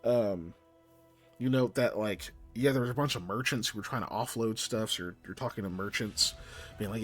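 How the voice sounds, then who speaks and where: A man's voice: fairly low pitch, normal speed, fairly bright tone, soft background music. A man as game master, narrating a tabletop game in a casual, rambling way full of fillers.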